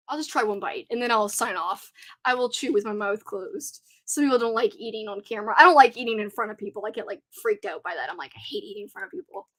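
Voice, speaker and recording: A young woman hosting a casual live stream, chatting excitedly and reading out viewer comments. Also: fairly high pitch.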